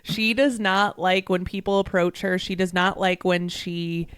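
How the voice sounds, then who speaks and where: A woman with a New Jersey accent co-hosts a podcast in a relaxed chat, wry and easily exasperated. Her voice is smooth and a touch low. The sound is close and dry. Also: measured pace, no echo. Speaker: podcast co-host. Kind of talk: casual chat.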